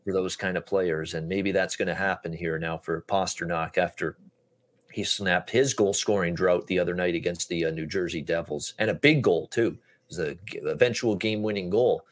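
A man's voice: deep voice, moderate pace. A man hosting a sports betting podcast, talking at length in a casual way with many "uh" fillers. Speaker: podcast host.

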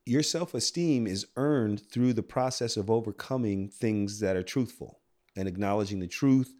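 Reflective low-voiced man in casual chat. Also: moderate pace, dark tone. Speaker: podcast co-host.

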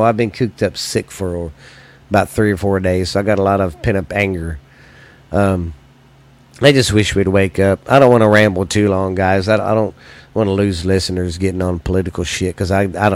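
A man's voice: on the low side, dry recording. An American man hosting a podcast, delivering a heated, profanity-laden solo rant that rambles between points. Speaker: podcast host.

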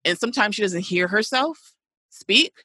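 A woman's voice: medium pitch, animated, normal speed, sharp tone, breathy edge, no room sound, clean studio sound. A woman speaking as a guest in a casual interview over a call, outspoken and emphatic. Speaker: parenting guest.

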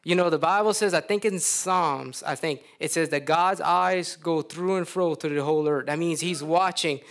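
A man's voice: a little high, normal speed, fairly bright tone. A man with a Louisiana accent preaching a sermon in a folksy storytelling way, acting out the characters.

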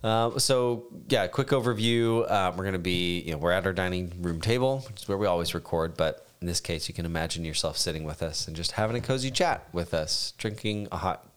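A man with a very deep voice, stuffy and slightly raspy from a cold. He talks in a loose, easygoing way as a podcast co-host, recorded at home at a dining table. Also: fast talker, hardly any pauses. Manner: relaxed, rambling, easygoing. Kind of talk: casual chat.

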